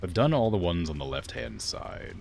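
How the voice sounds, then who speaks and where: Male streamer, casual and rambling, deep voice that swings up and down a lot as he talks. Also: sing-song, moderate pace, creaky, darkish tone, a little hiss or hum. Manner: rambling, heavy use of "like" fillers; answers viewer questions while playing. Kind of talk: casual gaming stream chat.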